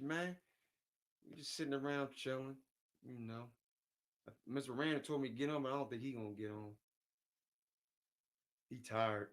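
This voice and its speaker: A man hosting a casual livestream, rambling and venting, often repeating himself and reading viewer comments aloud. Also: mid-range voice. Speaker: livestream host.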